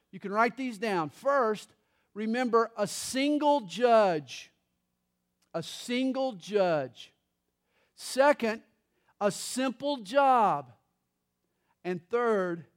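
A middle-aged man, a pastor, preaching a sermon with dramatic pauses and touches of humor. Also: very high-pitched.

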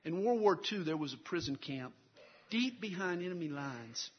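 High-voiced preaching man, muffled sound. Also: animated, moderate pace, slightly rough. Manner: dramatic storytelling, swells loud then drops low. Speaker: pastor. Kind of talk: sermon.

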